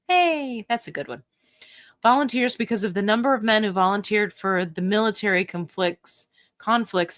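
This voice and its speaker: A woman's voice: medium pitch, fairly bright tone, no room sound. A woman hosting a casual live Q&A stream, reading viewer comments aloud in a chatty, playful and self-mocking way, laughing often. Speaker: livestream host.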